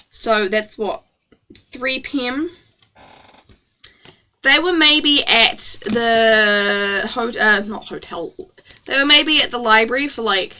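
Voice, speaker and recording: A woman's voice: on the high side, noisy background. A woman reading her own novel aloud as a streamer, with playful, self-mocking asides.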